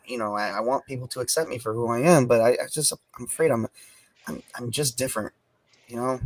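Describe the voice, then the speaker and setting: A man's voice: medium pitch, fairly bright tone, natural voice. A man playing a stammering young nun. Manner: stammering, hesitant, confessional. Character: shy, nervous young nun, woman of twenty-five. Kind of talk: tabletop role-play, in character.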